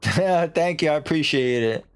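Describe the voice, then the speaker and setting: A man's voice: a little high, unhurried, smooth, soft background music. A man streaming a video game, chatting casually and mocking himself, now and then slipping into silly put-on voices. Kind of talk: casual let's-play chat.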